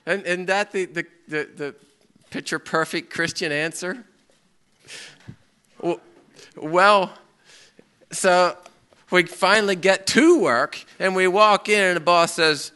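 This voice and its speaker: A man's voice: fairly high pitch, unhurried, pauses often, clean tone. A middle-aged man preaching a sermon, acting out people's outbursts and prayers as he speaks. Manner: animated, acts out quoted people and prayers.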